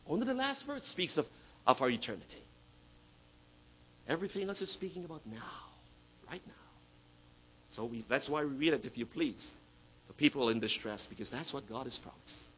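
A man preaching a sermon as pastor, swinging between loud emphatic bursts and hushed asides, stretching key words slowly for effect. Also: mid-range voice, big pitch swings, a little hiss or hum, rough recording.

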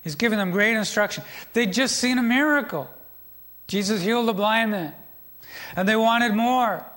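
Pastor, man, middle-aged, high pitched; storytelling sermon with asides to the congregation. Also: normal speed, fairly bright tone.

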